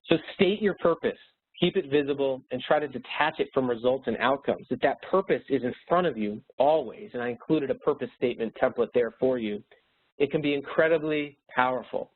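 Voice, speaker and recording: A man's voice: medium pitch, brisk, breathy edge. A man giving a motivational webinar presentation as a speaker and educator, earnest and upbeat. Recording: tinny phone-like webinar audio.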